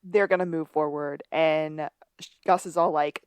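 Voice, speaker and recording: Low-voiced woman recapping, dry sound. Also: fairly even intonation, unhurried, clean tone, no echo. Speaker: podcast co-host. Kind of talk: casual episode recap chat.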